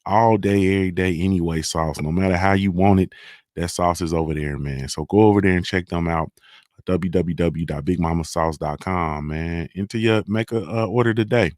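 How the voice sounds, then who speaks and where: Man, very low voice, relaxed repetitive host banter, sponsor shout-outs, dry room. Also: no echo. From Ohio. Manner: laid-back, repeats "man" and "you feel me", drawn-out sponsor plugs. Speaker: morning show host. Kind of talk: casual solo talk show monologue.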